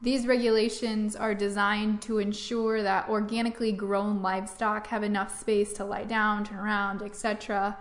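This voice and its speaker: Woman, farm news co-host, casual radio chat, steady flat delivery, um and like fillers. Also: medium pitch, moderate pace, few pauses.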